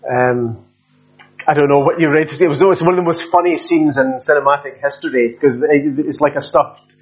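A man preaches in a fairly high, husky voice. He talks in a loose, conversational way, with many fillers and restarts. The recording sounds dull and lo-fi. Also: steady tone, normal speed, faint music behind. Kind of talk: expository sermon.

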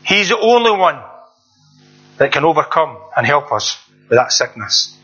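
High-voiced earnest male preacher. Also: very animated, moderate pace, sharp tone, faint music behind. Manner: earnest, repetitive, conversational preaching with rhetorical questions. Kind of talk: sermon. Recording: dull lo-fi recording.

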